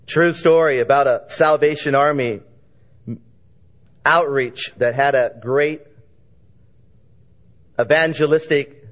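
A man preaching a sermon, telling a story with lively voices for its characters. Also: on the high side, muffled recording. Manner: animated storyteller, voicing characters in dialogue.

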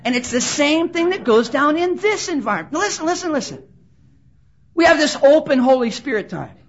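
A woman's voice: high voice, big pitch swings, normal speed. A woman preacher delivering an impassioned sermon at a conference, acting out quoted voices and urging her listeners to listen. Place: conference hall. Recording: dull lo-fi sermon recording.

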